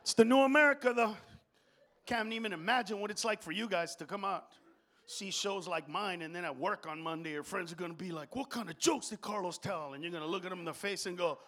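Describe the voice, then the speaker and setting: A male stand-up comedian on stage, brash and profane, jumping between loud rants and low muttering. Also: fast talker. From Honduras. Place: comedy stage before a live audience.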